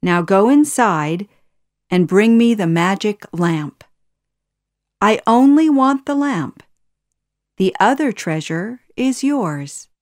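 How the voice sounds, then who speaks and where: A woman's voice: medium pitch, expressive, slow, long pauses. A woman voicing a scheming male royal advisor, sly and commanding in a storybook reading.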